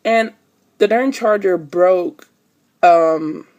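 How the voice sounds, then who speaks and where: A woman's voice: on the low side, very slow, a little mellow, muffled recording. A young woman vlogging casually into her phone camera, rambling with lots of fillers. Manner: chatty, rambling with many fillers.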